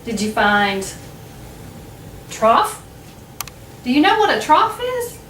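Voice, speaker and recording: A woman with an American accent teaching English pronunciation as host, patiently and clearly, lifting her voice on key words. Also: sits high, sing-song, normal speed, fairly bright tone, echoey room, far from the mic, a little hiss or hum, low-quality recording. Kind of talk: slow, clear teaching narration.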